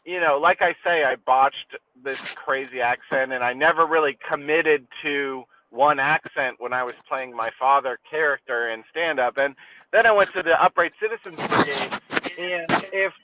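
A male comedian chatting casually, riffing with crude, animated jokes. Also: on the high side, normal speed, far from the mic, a little hiss or hum, low-quality recording. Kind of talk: casual podcast chat.

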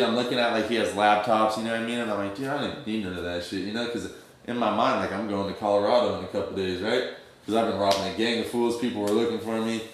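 A young man telling a story in casual, streetwise slang, acting out the quoted dialogue as he goes. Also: on the low side. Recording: very echoey room.

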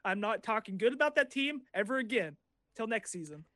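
A young man with a strikingly high, bright voice grumbles in playful mock outrage about sports. The recording is close and dry. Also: sing-song, fairly quick, dry recording. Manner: playfully exasperated, mock-complaining. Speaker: podcast co-host. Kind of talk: casual sports chat.

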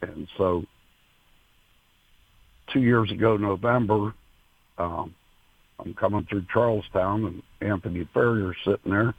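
A man, a racehorse owner, being interviewed over the phone, talking in a halting way with many fillers and restarts, emotional. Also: fairly low pitch, vocal fry, no echo. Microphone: telephone. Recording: tinny phone line.

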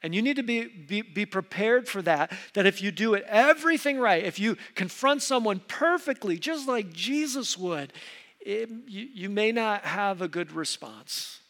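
A man's voice: sits high, animated, normal speed, fairly bright tone, big-room sound. A middle-aged man preaching a sermon, earnest and emphatic, sometimes repeating words as he builds a point. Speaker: pastor.

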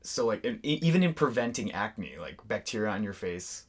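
A man's voice: on the low side, sing-song, brisk, slightly rough. A man co-hosting a podcast, musing and rambling in casual conversation with many fillers. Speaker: podcast co-host. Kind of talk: casual chat.

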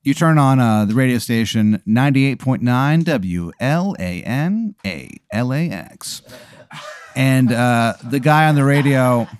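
A man's voice: medium pitch, expressive, a little slow, clear, resonant tone, dry recording. Rambling, profane man telling a tale. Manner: rambling, profane, lots of fillers. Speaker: comedy podcast host. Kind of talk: improvised storytelling.

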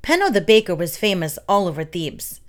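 Woman, storybook reading, soft steady voice, children's tales. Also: lowish voice, a little fast. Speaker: reader of children's stories.

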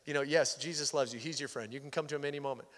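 A man's voice: mid-range voice, steady tone, very fast. Man preaching, conversational, big hall reverb. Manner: conversational, drops to near-whisper for intimate points. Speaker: pastor. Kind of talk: sermon. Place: church sanctuary.

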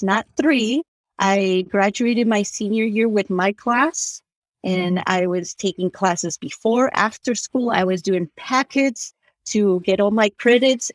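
This is a dry, echo-free clip of a medium-pitched woman recounting her own story during a conversation where she's the guest. She is from Argentina and speaks Spanish as her first language. Her manner is earnest yet halting, with frequent "like" fillers.

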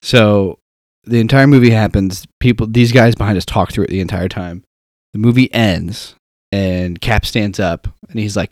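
A young man chatting casually with friends, telling an animated story and acting out the quotes. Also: fairly low pitch, moderate pace, no room sound, studio quality. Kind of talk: casual chat.

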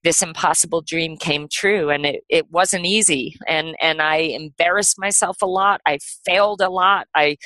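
Bright-voiced woman telling her story. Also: deep voice, moderate pace, few pauses, dry recording, poor audio. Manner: animated, laughing, lots of "like" and "you know". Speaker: podcast guest. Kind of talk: casual storytelling.

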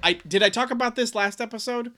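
A man's voice: very high-pitched, brisk, bright, forceful tone, slight background noise. A man co-hosting a podcast in casual chat, rambling and sarcastic with mock-dramatic swings and frequent swearing. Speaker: podcast co-host.

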